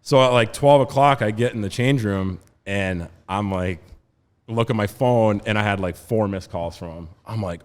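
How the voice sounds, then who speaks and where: A man in his thirties, a podcast guest, telling a story in a casual, animated way with lots of laughs and fillers. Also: lowish voice, moderate pace. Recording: roomy studio reverb.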